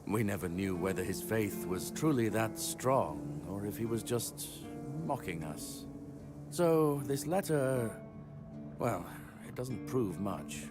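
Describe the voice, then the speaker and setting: A man's voice: lowish voice, lively intonation, slow pace. An actor playing a formal, skeptical male priest in a video game, speaking over background music. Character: solemn male red priest, middle-aged. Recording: game audio with music behind.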